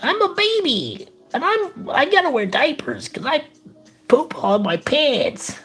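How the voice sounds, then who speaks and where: A cheerful cartoon baby boy babbles in a squeaky, sing-song voice far above a grown man's range, put on by a man. The voice is pitched very high and the words come out slowly. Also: very animated, pushed and bright, faint music behind, full character voice. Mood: goofy. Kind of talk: live stream impression.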